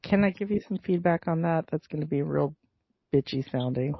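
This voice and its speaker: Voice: mid-range voice, moderate pace, no echo, lo-fi sound. A podcast co-host ranting bluntly in casual chat.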